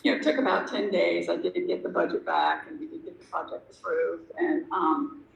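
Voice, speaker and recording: A woman's voice: fairly low pitch, wildly swooping pitch, a little fast, creaky, lo-fi sound. Candid rambling woman sharing her story. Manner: candid, rambling, self-deprecating with many fillers. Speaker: recovery meeting speaker. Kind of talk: personal sharing at a recovery meeting. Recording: echoey room with faint noise.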